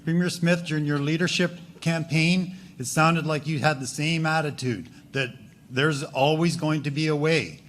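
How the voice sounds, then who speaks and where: A man from Alberta speaks at a town hall in an earnest, plain-spoken way. His voice sits a little high for a man. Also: steady tone, normal speed, a bit bright. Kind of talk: public comment at a town hall.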